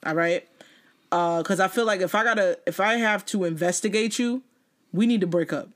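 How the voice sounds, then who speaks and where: A woman co-hosting a casual chat, telling stories with lots of energy. She acts out the other people's lines herself and laughs often. Her voice sits at a middle pitch. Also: moderate pace. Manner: animated storyteller who mimics others and laughs often. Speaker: podcast co-host. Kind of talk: casual banter.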